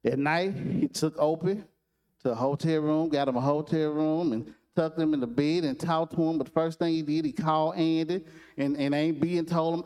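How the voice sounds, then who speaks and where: A man preaching a sermon, telling a story in a lively, repetitive way and acting out its characters. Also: a little high, moderate pace, clear, resonant tone. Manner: repetitive, animated storytelling with restarts.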